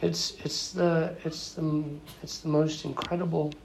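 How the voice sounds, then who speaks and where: A man's voice: fairly high pitch, level tone, unhurried, gravelly, slight background noise, poor audio. A man giving an informal talk and answering questions, rambling and full of anecdotes. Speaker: guest speaker answering questions.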